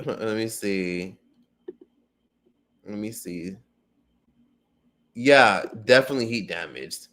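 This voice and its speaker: A man hosting a casual livestream and reading viewer comments. He is profane and excitable, with loud outbursts that drop to low mutters. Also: takes it slowly, pauses often. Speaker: livestream host.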